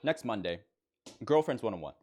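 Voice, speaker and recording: Playful young male streamer, lively voice. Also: on the low side, a little fast, slight background noise. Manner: playful, joking, laughs often. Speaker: streamer playing a teacher persona. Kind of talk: casual live-stream chat.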